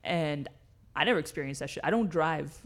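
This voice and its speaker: A woman's voice: low voice, lively intonation, a little fast. A woman, co-hosting a podcast and telling stories in a blunt, casual way, swearing freely. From New York City. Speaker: podcast co-host. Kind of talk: casual chat.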